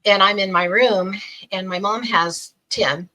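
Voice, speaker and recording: A middle-aged woman, a podcast guest, telling a personal story in an animated way and acting out the voices of the people in it. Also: mid-range voice, measured pace, low-quality recording.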